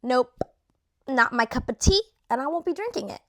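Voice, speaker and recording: A woman's voice: sits high, sing-song, fast talker, fairly bright tone, a little hiss or hum. A young woman vlogging in casual chat, gushing and chatty, leaning on "like" and dropping swear words, her voice a little worn. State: losing her voice. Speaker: vlogger ranking reality show cast.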